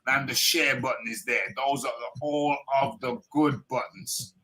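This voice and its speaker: A male host runs a live boxing talk show with a bright, forceful voice. He is insistent, repeats his phrases and talks over his guests, then turns to plug the show's buttons like a seasoned presenter. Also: medium pitch, steady tone, a little slow. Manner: pushes viewer buttons like a presenter.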